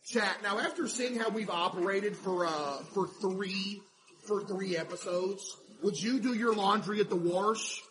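A man streaming a game, chatting to his viewers in a mock-stressed, animated way. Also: high voice, a little slow, background noise. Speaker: streamer playing a laundromat game. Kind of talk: casual gameplay commentary to chat.

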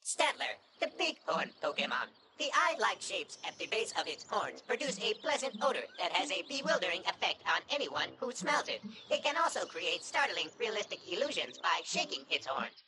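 A woman voicing a calm talking gadget. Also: mid-range voice, normal speed, noisy background, lightly acted. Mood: informative. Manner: even, informative delivery.

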